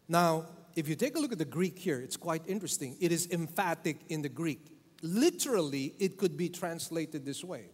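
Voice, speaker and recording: A man's voice: a little high, animated, moderate pace, breathy edge. A man preaching a sermon as pastor, emphatic and repeating key phrases for stress. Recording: long hall reverb.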